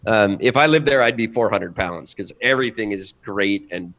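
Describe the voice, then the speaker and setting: A Canadian man co-hosting a podcast, making wry, deadpan jokes in casual chat. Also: fairly low pitch, moderate pace, poor audio. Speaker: podcast co-host.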